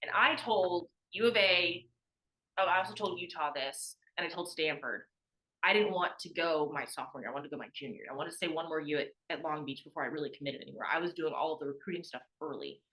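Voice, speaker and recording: Fast and forceful, a young adult woman's low-pitched, bright voice comes through poor audio as she guests on a podcast. A former college athlete, she tells stories casually, chats with plenty of "like," and acts out others' remarks.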